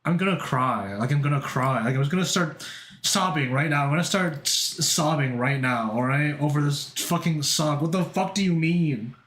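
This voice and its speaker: A male streamer chatting with his viewers, rambling and excitable, tripping over filler words and swearing a lot. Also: on the high side, moderate pace. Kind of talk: casual chat with stream viewers. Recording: echoey room.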